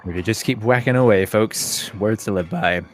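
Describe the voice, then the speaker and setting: A man's voice: on the low side, moderate pace. An Australian man playing a tabletop game, talking casually and upbeat at the table. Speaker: player.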